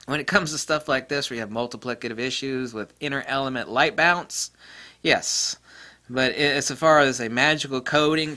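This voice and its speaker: A man's voice: medium pitch, moderate pace, pushed and bright. A man hosting a photography video, ranting in a blunt, sarcastic way, swearing freely, mocking other people's claims and laughing at his own jokes. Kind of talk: ranting casual monologue.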